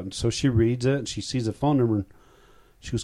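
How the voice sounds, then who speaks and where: Older male guest in his sixties, low voice, rambling and heartfelt personal storyteller. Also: fairly quick, warm tone. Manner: rambling, heartfelt, self-interrupting.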